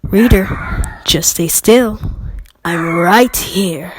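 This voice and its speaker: Smug, loud fanfic boyfriend, mock-tender, read by a woman. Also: fairly low pitch, very slow, noisy background. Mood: mock-soothing. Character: smug male lover in a fanfic.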